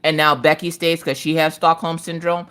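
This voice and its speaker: A woman's voice: deep voice, little pitch movement, normal speed, fairly bright tone, clear, resonant tone. A Southern woman in her late thirties chatting casually on a craft live stream, telling stories with swearing and a slight slur. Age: 30s.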